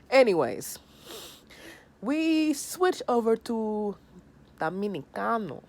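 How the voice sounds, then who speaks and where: A woman in her thirties giving a sassy, animated review of a reality TV episode, sounding tired. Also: medium pitch, normal speed. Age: 30s. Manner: sassy, animated, acts out the people she discusses. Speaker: reality TV recapper.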